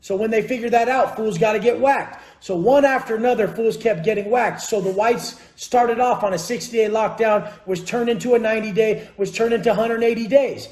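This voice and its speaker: Young man, very high voice, blunt profane storyteller, echoey room. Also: fairly quick, few pauses, darkish tone. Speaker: vlogger. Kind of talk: casual storytelling.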